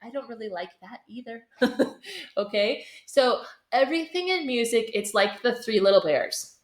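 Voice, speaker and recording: In an echoey room, a woman with a fairly high, expressive voice teaches singing at a moderate pace. She explains technique, sings phrases to demonstrate, and keeps asking "okay?".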